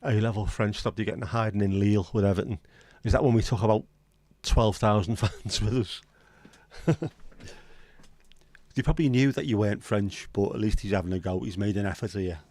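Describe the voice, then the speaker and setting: A man's voice: on the low side, fairly even intonation, fairly quick, darkish tone, no echo. A man hosting a casual livestream chat, chatty and sweary with self-deprecating humour. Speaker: livestream host.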